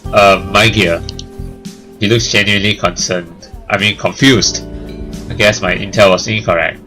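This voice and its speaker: A man's voice: on the low side, steady tone, moderate pace, bright, forceful tone, faint music behind, low-quality recording. A young man hosting a let's play, reading the narration aloud and adding joking, sarcastic asides.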